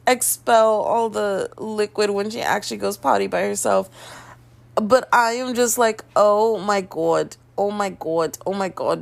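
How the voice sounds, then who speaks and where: A woman telling a story in a casual vlog, with a gravelly edge of vocal fry that runs through her middle-range voice. She acts out every quoted line with sudden jumps in pitch and hams up her own panic. The delivery stays chatty and expressive from start to finish. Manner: animated storytelling, acting out quoted dialogue with big pitch jumps; dramatic, self-mocking panic. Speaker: vlogger.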